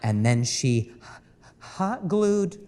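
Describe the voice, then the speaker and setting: A man's voice: fairly high pitch, sing-song, extremely slow, mellow, big-room sound, a little hiss or hum. Stammering male stand-up comic. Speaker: stand-up comedian. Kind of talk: stand-up comedy storytelling.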